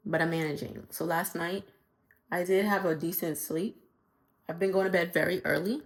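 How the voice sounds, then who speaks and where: Female vlogger, breathless and worn out, low gravelly voice, halting delivery that slips into near-whispers. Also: steady tone. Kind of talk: casual video diary.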